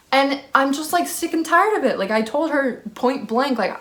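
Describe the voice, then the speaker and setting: A woman's voice: sits high, expressive, moderate pace, few pauses, a bit bright. A young woman telling a storytime vlog story, rambling and heated, with lots of "like". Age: young adult. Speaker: vlogger.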